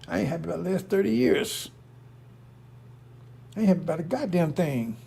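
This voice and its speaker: A man's voice: fairly high pitch, expressive, a little fast, creaky, dark tone, slightly rough. A middle-aged man giving a casual preaching monologue as a religious commentator, rambling and repetitive, blunt and profane.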